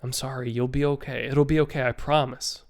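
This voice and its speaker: A man voicing a sick teenage boy in a storybook reading, speaking calmly, low and quietly resolute. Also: fairly quick, lightly acted. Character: teenage boy, sick, trying to stay strong.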